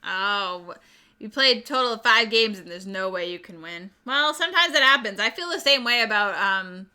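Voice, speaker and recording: A woman's voice: mid-range voice, animated, moderate pace, pauses often, pushed and bright, smooth. A woman hosting a board game channel, chatting casually and rambling a little as she shows new games and answers viewers' chat.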